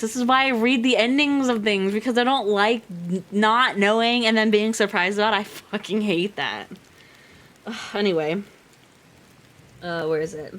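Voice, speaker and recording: A woman streamer reading a novel aloud on a live stream, reading quietly and then breaking off into loud, swearing outbursts. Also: on the low side, fairly quick.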